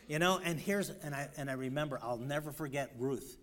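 A man preaching a sermon in a rambling way, with many fillers and restarts, swinging from loud emphatic bursts to quiet storytelling. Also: on the high side, brisk, hardly any pauses. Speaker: pastor.

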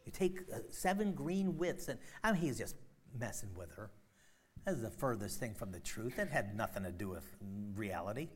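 A man preaching a sermon, retelling a story in a loose, conversational way with many fillers and sudden loud, emphatic bursts. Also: medium pitch. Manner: frequent fillers and restarts, conversational.

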